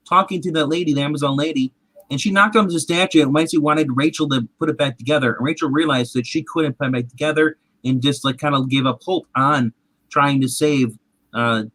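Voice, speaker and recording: A man hosting a casual show, retelling a TV episode in an animated, rambling way with restarts. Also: fairly high pitch, no echo. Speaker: podcast host. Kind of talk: casual chat recapping a TV episode.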